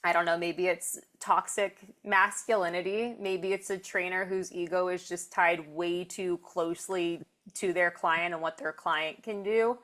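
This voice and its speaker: A woman's voice: fairly low pitch, steady tone, unhurried, few pauses, fairly bright tone. Encouraging woman podcast host. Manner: earnest, encouraging advice. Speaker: podcast host and strength coach. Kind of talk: casual interview chat.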